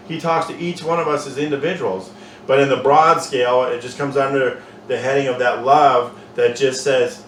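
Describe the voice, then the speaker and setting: A man's voice: medium pitch, a little fast. A man in a casual faith discussion, earnestly retelling a Bible story with many restarts. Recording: echoey room, distant mic, faint noise.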